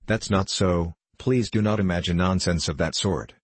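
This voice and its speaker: A man reading as a proud, reclusive young man who speaks bluntly, hotly and rapidly. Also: sits low, slightly rough, no echo. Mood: heated.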